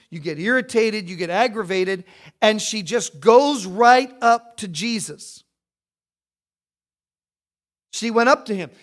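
A male pastor delivering a sermon with emphatic, stacked repetitions and lively storytelling. His voice sits notably high for a man. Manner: emphatic, piles up repeated phrases; animated storytelling.

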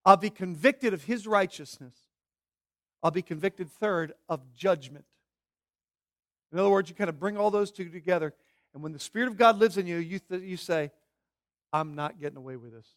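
A man preaching a sermon as pastor. He lays out numbered points and moves from forceful, stressed words to quiet, probing questions. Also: high-pitched, normal speed. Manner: emphatic, swinging from shouted stresses to hushed questions.

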